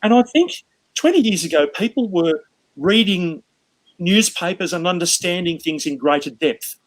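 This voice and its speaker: A man's voice: high voice, animated, normal speed, rough recording. A man, a guest cartoonist giving his opinions plainly in a casual panel chat.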